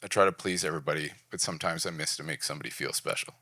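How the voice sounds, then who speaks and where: With an extremely low pitch, this man talks rapid-fire in a pushed, bright voice over a dry, clean studio recording. In his forties and from Prince Edward Island, Canada, he gives a personal storytelling talk at a design event venue, candid and self-deprecating, in short punchy phrases.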